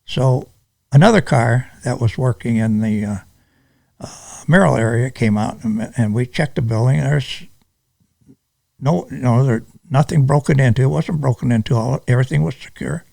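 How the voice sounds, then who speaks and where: An older man from Michigan, a retired police sergeant, telling stories in an interview in a halting, unhurried way with many restarts. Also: mid-range voice, creaky, darkish tone, no room sound. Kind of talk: casual storytelling interview.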